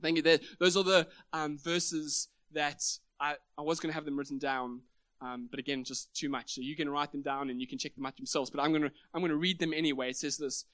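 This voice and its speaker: A man's voice: a little high, level tone, a little fast, fairly bright tone, dry recording. A man preaching a sermon at a church meeting, emphatic and building up to big points.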